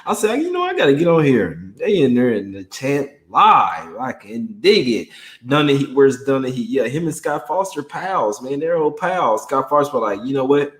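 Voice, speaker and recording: A man's voice: medium pitch, very animated, moderate pace, reverberant, rough recording. Slangy, laid-back male stream host. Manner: slangy, laid-back banter, greets chat by name. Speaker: sports betting livestream host. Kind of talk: casual livestream chat.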